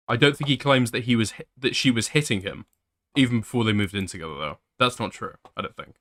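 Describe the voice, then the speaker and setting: A young man hosting casual online commentary, blunt in manner and quick to swear. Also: mid-range voice, a bit bright. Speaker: commentary host.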